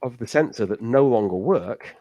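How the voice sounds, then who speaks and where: A man's voice: mid-range voice, lively intonation, moderate pace, warm tone. A man as a guest on a casual talk show, giving long explanations with many restarts.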